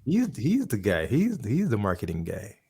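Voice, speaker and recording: A man's voice: fairly low pitch, huge pitch swings, moderate pace, vocal fry, warm tone, slightly rough. A man chatting casually on a live show, laughing often and repeating his lines. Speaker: podcast co-host. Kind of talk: casual chat.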